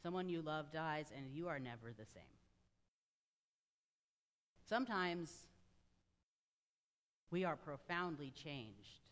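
A man delivering a sermon in a church, his voice sitting a little high for a man. He preaches earnestly but keeps it conversational, with direct asides to the people in front of him. A long reverb from the large room trails behind each phrase. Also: expressive, takes it slowly, pauses often, a bit bright. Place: church sanctuary.

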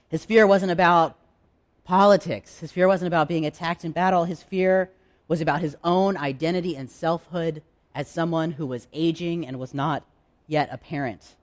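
A man preaching a sermon in a candid, conversational way, with dramatic pauses. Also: a little high, steady tone. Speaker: pastor.

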